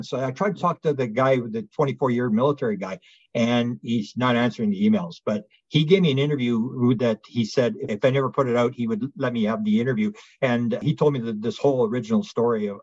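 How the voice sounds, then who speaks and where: A man being interviewed as a guest researcher, telling a long story in an animated way, often restarting his sentences. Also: mid-range voice, husky, no echo, lo-fi sound.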